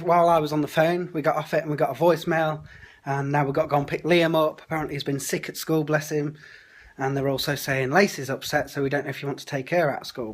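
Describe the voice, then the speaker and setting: A man, chatting casually into his phone about his day at home, grumbling with indignant asides. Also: a little high. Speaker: vlogger. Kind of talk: casual vlog chat. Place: family home. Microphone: phone held at arm's length.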